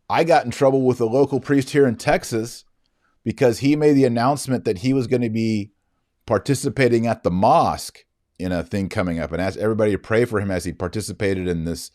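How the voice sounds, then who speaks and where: A middle-aged man hosting a podcast, telling a story in a lively way and acting out the quoted dialogue. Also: mid-range voice, fast, no room sound, studio quality. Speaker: podcast host. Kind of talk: casual commentary monologue.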